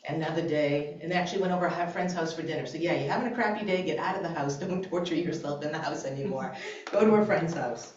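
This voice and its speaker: A woman giving an animated, conversational inspirational talk to a congregation, laughing often. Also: deep voice, fast, a little hiss or hum. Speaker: guest speaker at a church service. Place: church sanctuary. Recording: very echoey, distant, dull church recording.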